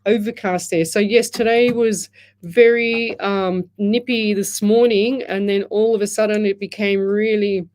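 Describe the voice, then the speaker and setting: A woman with a mid-range, a little mellow voice and fairly even intonation talks unhurriedly as a psychic medium on live radio. In the studio, using a headset mic, she rambles along, reading listener comments and welcoming callers by name.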